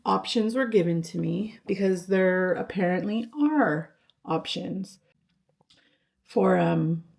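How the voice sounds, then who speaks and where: A woman in her thirties talks to camera in a halting, hesitant way, full of fillers and false starts. Her voice is gravelly and mellow. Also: lowish voice. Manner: halting, with many fillers and restarts. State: tearful, voice breaking at times. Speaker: vlogger. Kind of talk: personal vlog, talking to camera.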